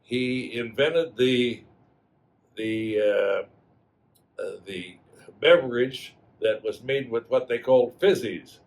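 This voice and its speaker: A man in his eighties from Wisconsin, a school alumnus, telling old stories in a halting way full of fillers. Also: mid-range voice, rough recording. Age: 80s. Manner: halting, many fillers and restarts. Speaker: alumnus guest. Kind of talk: reminiscing storytelling.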